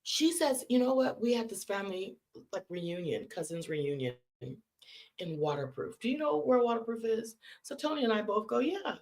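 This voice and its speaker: A woman's voice: medium pitch, big pitch swings, moderate pace, darkish tone. A woman from California hosting a late-night live stream, telling a story in a conversational way and calling her listeners "y'all". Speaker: host.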